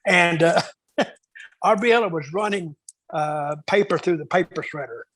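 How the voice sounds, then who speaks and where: At a measured pace, this guest storyteller uses a fairly high, fairly bright voice to ramble through backstage stories in a casual interview, acting out quoted lines. The rough recording has a little hiss or hum.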